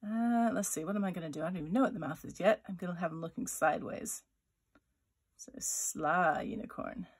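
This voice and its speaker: A woman's voice: lowish voice, rapid-fire, hardly any pauses, darkish tone, husky. A woman author-illustrator leading a children's drawing tutorial, thinking aloud as she sketches and chatting playfully. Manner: voices little sound effects for her drawings.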